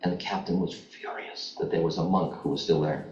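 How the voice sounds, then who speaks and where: A man gives a spiritual talk, telling stories in a candid, wry and conversational way. His voice is very deep and sounds distant in an echoey hall. The archival recording is dull and muffled. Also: fairly even intonation, fairly quick, darkish tone. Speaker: spiritual teacher.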